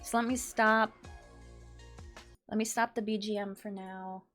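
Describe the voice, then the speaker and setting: A woman's voice: mid-range voice, steady tone, a little slow, fairly bright tone. A woman streaming live, chatting casually and nervously with her viewers, giggling and greeting people by name. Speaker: VTuber streamer. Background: faint background music.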